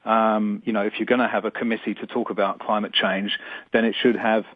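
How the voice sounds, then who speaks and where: A man being interviewed on talk radio over the phone. He speaks in a measured way and often stumbles and repeats words. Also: on the low side, flat delivery, no echo. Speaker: phone-in guest, climate sceptic blogger. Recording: tinny phone line.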